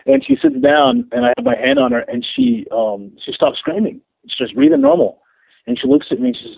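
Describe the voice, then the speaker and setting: A man, a guest minister, telling a story over the phone in an animated way, repeating his words and laughing as he goes. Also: very high-pitched, fast talker, creaky, dry recording. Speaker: podcast guest, street minister. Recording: tinny phone line.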